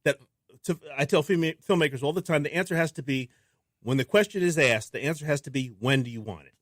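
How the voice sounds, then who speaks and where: Lively man telling filmmaking stories. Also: fairly high pitch, fast, dry recording, studio quality. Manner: animated storyteller who acts out quotes. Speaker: filmmaker guest. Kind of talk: casual interview talk. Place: radio studio.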